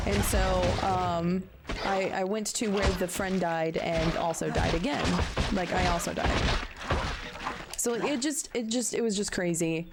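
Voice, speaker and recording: A woman in her thirties talking candidly in casual chat, questioning herself and halting with fillers. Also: mid-range voice, very noisy. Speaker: stream co-host.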